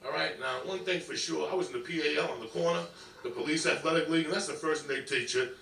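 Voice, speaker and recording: Gravelly brash New storyteller. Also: male voice, fairly high pitch, quick pace, far from the mic. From New York. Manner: brash, swearing constantly, animated. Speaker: stand-up comedian. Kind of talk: profane comedic storytelling. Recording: echoey clip picked up from afar.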